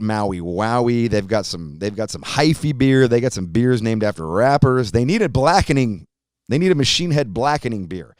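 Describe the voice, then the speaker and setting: A man's voice: medium pitch, darkish tone, clean tone, no echo, clean studio sound. A man hosting a podcast, chatting casually with loose, profane, rambling enthusiasm. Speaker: podcast host.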